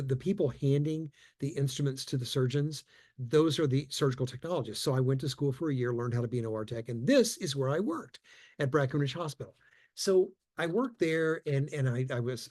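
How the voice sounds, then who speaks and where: A man giving a conference talk, telling a personal story in a lively way, often repeating words and acting out the voices of people he quotes. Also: medium pitch. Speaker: conference speaker.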